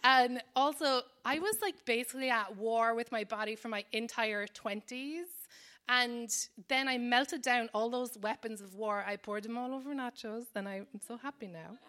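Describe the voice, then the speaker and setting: A woman's voice: a little high, normal speed, fairly bright tone. Rambling Irish woman comic. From Ireland. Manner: rambling, self-deprecating, lots of fillers. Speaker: comedian. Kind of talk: stand-up storytelling. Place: New York.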